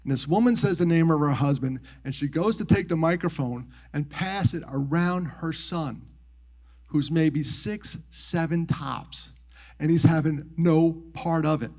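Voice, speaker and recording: Animated male speaker, slightly high voice. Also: a little slow. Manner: animated, acts out quoted voices with big pitch jumps; drops to soft, quiet tones on grief. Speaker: motivational speaker. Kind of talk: live storytelling talk on suicide prevention. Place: military base venue.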